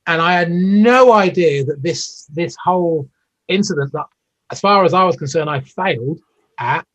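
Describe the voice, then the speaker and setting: A man's voice: on the high side, lively intonation, normal speed, a bit bright. British man telling stories on a muffled call. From United Kingdom. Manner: rambling, with many restarts and fillers. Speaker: interview guest, former Olympic athlete. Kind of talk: casual storytelling interview.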